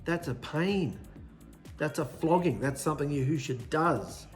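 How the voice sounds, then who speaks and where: A man's voice: fairly high pitch, animated, measured pace, soft background music. A man preaching a sermon with emphasis, often in short, punchy lists.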